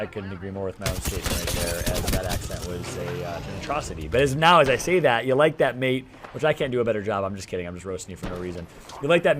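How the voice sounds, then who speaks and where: A man doing live esports play-by-play commentary, energetic and joking, with rambling asides. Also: mid-range voice, background noise. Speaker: esports caster.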